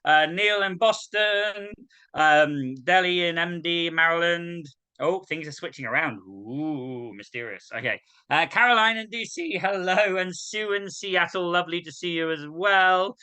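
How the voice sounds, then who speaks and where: A man's voice: sits high, a little slow, sharp tone, smooth, no room sound. A man hosting a video-call singing session, chatty and self-mocking as he reads out greetings. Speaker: host. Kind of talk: casual welcome and roll call.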